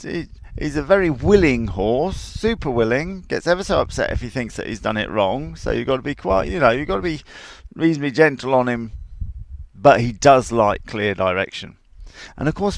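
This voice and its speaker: Male horse-trainer host, animated delivery, rambling storyteller. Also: mid-range voice, vocal fry, no echo. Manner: rambling, digressive, chuckling storyteller. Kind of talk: casual advice talk with anecdotes.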